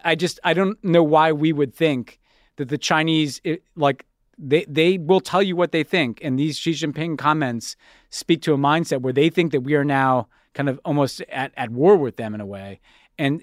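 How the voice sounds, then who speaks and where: A man co-hosting a political podcast, talking in an animated way and often repeating words as he starts his sentences. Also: on the high side, no echo, clean studio sound. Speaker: podcast co-host. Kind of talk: casual political chat.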